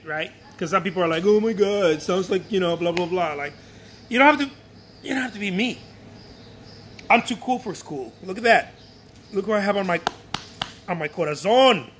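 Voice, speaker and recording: A painter whose first language is Spanish chats casually in his art studio, animated, repeating himself and acting out other people. His voice is high, with slight background noise.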